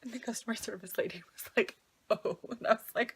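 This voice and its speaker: Breathy woman in her twenties, vlogger, casual chatty delivery. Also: mid-range voice, a little fast, a bit bright. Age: 20s. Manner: chatty, fills talk with "like", anxious retelling. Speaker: travel vlogger. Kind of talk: casual storytelling.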